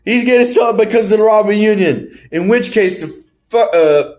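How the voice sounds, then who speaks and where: A man's voice: high voice, moderate pace, darkish tone. A man co-hosting a podcast, rambling through a casual play-by-play recap with fillers and laughs. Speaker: podcast co-host. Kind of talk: casual wrestling recap chat.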